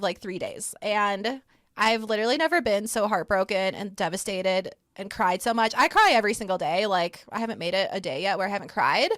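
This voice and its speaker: A woman's voice: fairly high pitch, a bit bright, no echo, clean studio sound. A young woman co-hosting a podcast, talking in a casual, chatty way and filling her sentences with "like". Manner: chatty, heavy use of "like". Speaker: podcast co-host. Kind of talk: casual chat.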